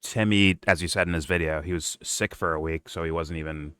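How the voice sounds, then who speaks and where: A man's voice: sits low, fairly even intonation, fairly quick, noisy background. A man hosting a reaction stream, talking bluntly and mockingly with frequent profanity. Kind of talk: casual profane reaction chat.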